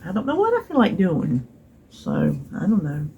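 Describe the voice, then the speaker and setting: A woman's voice: fairly low pitch, wildly swooping pitch, moderate pace, vocal fry, narrow, tinny audio, a little hiss or hum. A middle-aged woman with a Southern US accent, chatting casually to her phone at home in a wandering, rambling way. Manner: chatty, rambling, trails off and restarts, wistful asides. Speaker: vlogger. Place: home, seated in a chair.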